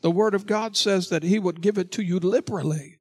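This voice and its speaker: High-voiced preaching pastor. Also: male voice, fairly quick, a little mellow, breathy edge. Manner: earnest, exhorting, repeats "listen" to the congregation. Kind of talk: sermon.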